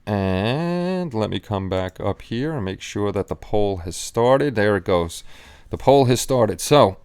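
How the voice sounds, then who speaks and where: A man's voice: fairly low pitch, darkish tone, clear, resonant tone. A man hosting a casual live stream, chatting loosely with many fillers and restarts. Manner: rambling, with frequent restarts and fillers.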